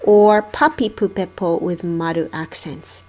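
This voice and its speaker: A woman's voice: lowish voice, measured pace, dark tone. A middle-aged woman teaching a language class, patiently drilling sounds syllable by syllable. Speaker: Japanese teacher. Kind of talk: classroom lesson.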